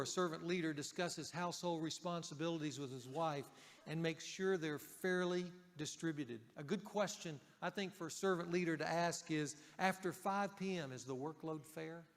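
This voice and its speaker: A male pastor preaching a sermon in a conversational way, raising his voice for emphasis and dropping it softly for key points. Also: a little high, moderate pace, long reverb tail.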